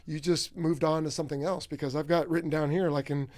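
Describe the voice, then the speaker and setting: A man's voice: a little high, fairly even intonation, quick pace, darkish tone. A man hosting a podcast interview, asking chatty, hesitant questions. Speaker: podcast host. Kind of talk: casual interview.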